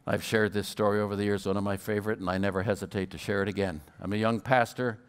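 A man's voice: fairly low pitch, flat delivery, quick pace, smooth. Older man telling a sermon story. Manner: stutters, repeats words at times. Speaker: guest preacher.

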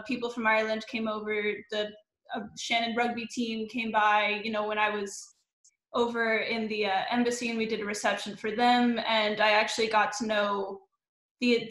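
A woman's voice: on the high side, fairly bright tone. A young woman with an American accent, a guest rambling with many fillers on a video call. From Long Island, USA. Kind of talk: casual video call interview. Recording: echoey room on video call.

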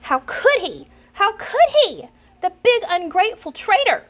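A woman voicing a loyal, sharp-tongued young baker's daughter who is quick to scold. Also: high voice, big pitch swings, pitched above the performer's own voice, full character voice. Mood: fuming.

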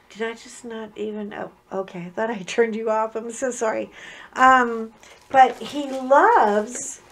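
Middle-aged woman, home craft vlogger, unhurried rambling chat, slightly high voice. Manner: chatty, joking, digressive with frequent restarts. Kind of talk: casual unboxing chat.

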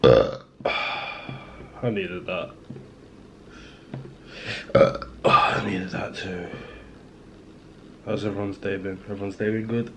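A man's voice: sits low, fairly even intonation, slow pace, pauses often, a bit bright, a little hiss or hum, rough recording. A young man from Liverpool chatting to his camera at home in a rambling, self-mocking way, full of fillers and restarts. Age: young adult. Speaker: vlogger. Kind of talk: casual rambling vlog chat. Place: at home indoors.

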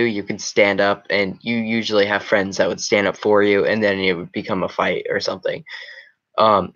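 A man's voice: lowish voice, fairly bright tone, lo-fi sound. A young man hosting a casual live chat with viewers, rambling with many fillers and restarts. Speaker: show host.

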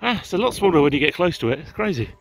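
Gravelly-voiced English man, chatty. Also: fairly high pitch, sing-song, racing, slight background noise. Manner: chatty, rambling, swears casually. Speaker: vlogger. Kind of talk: casual walking-tour vlog. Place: outdoors in castle gardens. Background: faint outdoor ambience with distant garden machinery.

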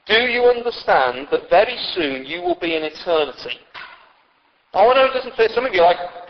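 A man from Britain preaching a sermon, animated and joking with his congregation. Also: fairly high pitch, moderate pace, vocal fry. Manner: lively preaching with humorous asides to the congregation. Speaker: pastor. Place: church hall with long reverb. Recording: dull church recording with reverb.

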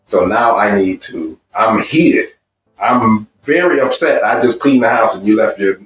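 A man teaching a marriage seminar to an audience, lively and full of rhetorical questions. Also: lowish voice, measured pace, distant mic. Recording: echoey room, voice from afar, faint music.

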